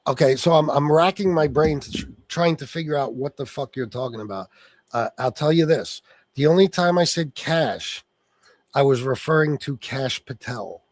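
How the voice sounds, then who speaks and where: A man's voice: medium pitch, no echo. Angry profane man ranting to chat. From Sicilian heritage. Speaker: political livestream host. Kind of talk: livestream commentary reading chat.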